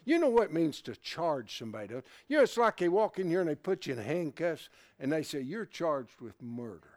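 Older man, preacher, folksy sermon voice, slightly high pitch, very animated. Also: quick pace, no echo. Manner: folksy, swings from hushed asides to loud shouts.

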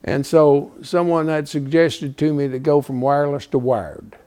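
A man's voice: fairly high pitch, normal speed, smooth. A man in his seventies preaching, telling a folksy story with rising animation. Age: 70s. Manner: folksy, animated, builds to loud. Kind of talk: storytelling sermon.

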